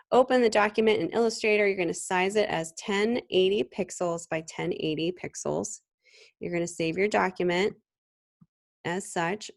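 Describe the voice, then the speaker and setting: A woman teaching a design class in a screen-recorded software tutorial, talking in a relaxed, conversational way with frequent ums and restarts. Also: on the low side, creaky. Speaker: design instructor.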